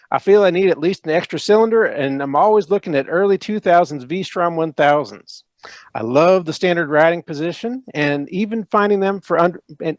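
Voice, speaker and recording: An easygoing man reads a listener email aloud on a podcast, amused as he goes. His voice sits a little high. The recording is close and dry. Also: no room sound. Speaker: podcast co-host.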